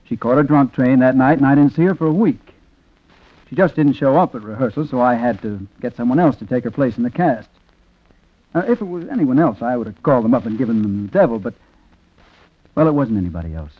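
An actor narrating a 1940s radio drama as a reflective man, quiet and rueful. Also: mid-range voice, expressive, a little fast, natural voice. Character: reflective man telling a sad story. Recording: tinny old radio recording with music.

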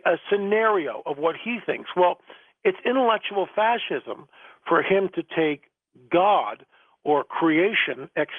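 A man's voice: high-pitched, no room sound. A male guest author in a radio interview, talking emphatically and often repeating words, over a phone line.

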